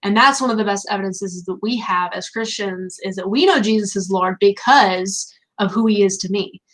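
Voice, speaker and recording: A woman speaks earnestly in a casual discussion, explaining at length with frequent fillers. Her voice sits at a middle pitch. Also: normal speed, a bit bright, rough recording. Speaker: teaching pastor.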